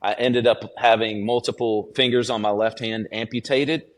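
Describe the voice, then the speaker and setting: A man with a fairly low voice tells his story as a podcast guest. He is earnest and unpolished, pausing and restarting with frequent fillers as he recalls what happened. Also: steady tone. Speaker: student pastor, podcast guest. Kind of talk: personal testimony in a podcast interview.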